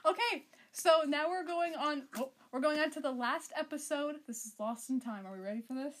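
A woman's voice: high-pitched, fairly quick. A young woman co-hosting a podcast, chatting and giggling while watching a show with a friend. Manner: giggly, chatty, quotes characters in funny voices. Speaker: podcast co-host.

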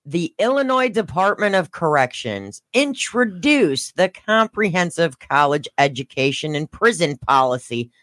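Excitable woman co-host, dry sound. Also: fairly low pitch, a little slow, few pauses, no room sound. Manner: giggly and excitable. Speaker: podcast co-host. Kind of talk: casual chat.

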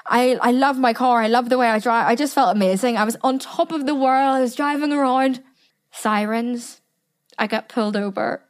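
Telling a story solo on her podcast, a young British woman talks casually and with energy, swearing without restraint and wandering into chatty asides. She speaks at a moderate pace in a slightly high voice.

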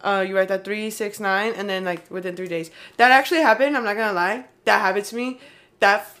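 A woman's voice: mid-range voice, fairly quick, a bit bright. Rambling young woman, casual chat. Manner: rambling, heavy use of "like" and "um".

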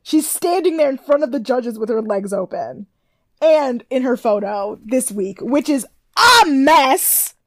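Chatty higher-voiced woman, dry sound. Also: big pitch swings, measured pace, no echo. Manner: chatty, lots of "like", acts out quotes. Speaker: podcast co-host. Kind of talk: casual recap chat.

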